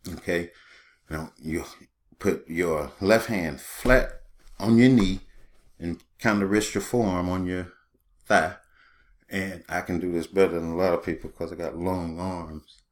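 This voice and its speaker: A man's voice: sits low, fairly even intonation, a little slow. A man hosting his own small channel, talking loosely and guiding a meditation exercise, with many "you know" fillers. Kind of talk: unscripted spoken guidance.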